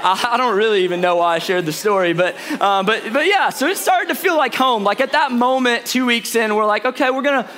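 High-voiced young man preaching casually. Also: lively intonation, brisk, hardly any pauses, a bit bright, a little hiss or hum. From St. Louis, Missouri. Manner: chatty storytelling, playful asides to the congregation. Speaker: pastor. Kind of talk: sermon. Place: church auditorium before a congregation.

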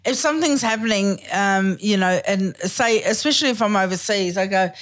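A woman hosting a podcast in casual chat over a video call, talking freely and swearing, with quick put-on impressions of other people. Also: medium pitch. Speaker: podcast host.

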